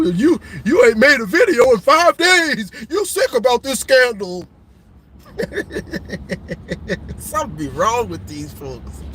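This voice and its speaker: A man with a notably high voice rants about sports on a live stream, teasing fans and laughing between lines. He takes his time, letting each jab drag out. Soft vehicle hum sits faintly in the background. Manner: teasing, laughing, drawn-out colloquial talk.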